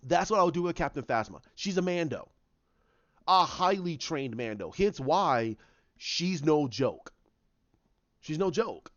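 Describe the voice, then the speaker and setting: A man with a somewhat high voice rambles through a casual retelling and stops often to find his words. The recording is dry and a little muffled. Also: expressive, a bit bright, no room sound. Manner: rambling, halting storyteller. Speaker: YouTuber.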